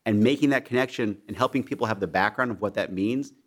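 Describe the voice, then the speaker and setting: A young man with a very low, deep voice speaks as an interview guest. He talks earnestly and keeps restarting his phrases. His delivery is serious. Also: fast. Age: young adult. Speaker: foundation leader, guest. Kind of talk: interview discussion.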